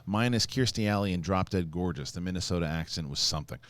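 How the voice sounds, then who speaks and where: A man with a lowish voice hosts a loose panel chat. He rambles, laughs often and restarts his sentences as he goes. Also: fast talker, fairly bright tone. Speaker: show host.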